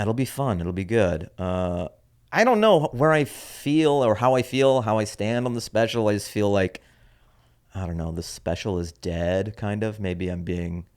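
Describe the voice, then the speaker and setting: A man's voice: lowish voice, smooth. A man hosting his own comedy podcast, telling a story in a wry, offhand, rambling way. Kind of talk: casual rambling monologue.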